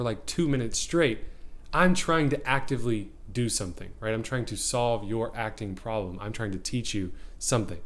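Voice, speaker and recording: Guy acting coach talking right to camera, punchy and emphatic, mid-pitched voice. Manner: energetic, emphatic, addresses viewer directly. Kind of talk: direct-to-camera teaching.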